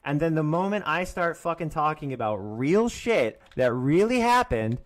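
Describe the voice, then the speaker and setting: A man's voice: fairly high pitch, big pitch swings, moderate pace. A young man ranting on his own live stream, angry and profane, mocking others in put-on voices and laughing often.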